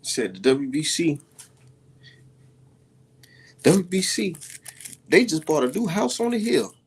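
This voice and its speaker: A man's voice: fairly high pitch, sing-song, slow pace, slight background noise. A man giving loose, profane reaction commentary, often breaking into laughter and mockery. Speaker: online commentator.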